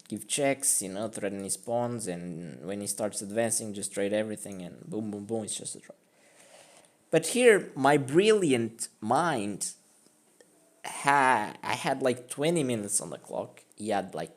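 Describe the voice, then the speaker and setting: A man giving casual, rambling commentary on his own chess game, mocking his own mistakes and filling his talk with "like" and "I mean.". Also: on the low side.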